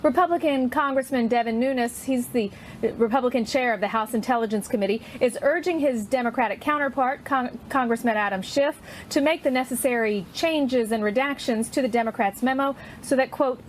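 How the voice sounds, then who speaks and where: A woman correspondent reporting from near the White House, measured as she reads quotes steadily. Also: a little high, a little hiss or hum. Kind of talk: news report.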